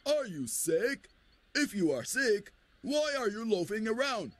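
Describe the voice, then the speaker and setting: A man voicing a kindly but bossy village elder in a dubbed cartoon, speaking loudly and declaiming. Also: sits high, big pitch swings, measured pace, no room sound, full character voice. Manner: loud, declamatory.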